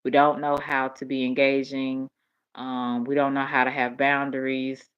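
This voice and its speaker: A woman's voice: a bass voice, flat delivery, normal speed, smooth. A sleepy woman with a Southern accent, chatting late at night on a livestream and answering comments with a lazy drawl and frequent laughs. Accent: Southern US, Dallas. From Tennessee. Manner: drowsy, drawling, laughs often. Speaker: livestream host. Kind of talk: late-night casual chat reading comments. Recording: dull lo-fi stream audio.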